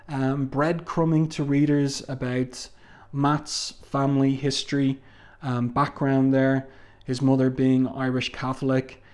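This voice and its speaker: A man giving a casual spoken review of a comic book, talking it through with many pauses and fillers. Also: medium pitch, darkish tone. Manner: conversational, thinks aloud with frequent fillers.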